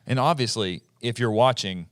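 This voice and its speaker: A man's voice: medium pitch, normal speed, no room sound, studio quality. A man in his forties hosting a casual podcast discussion, chatty and explanatory, often restarting his sentences. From eastern United States. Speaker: podcast host.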